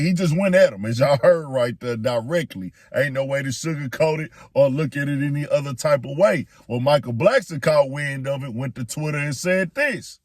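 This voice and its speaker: A man's voice: mid-range voice, moderate pace, few pauses, no room sound, studio quality. A man hosting his own online commentary show, talking in a laid-back, slangy, hyped-up way. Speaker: YouTube commentary host. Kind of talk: casual commentary vlog.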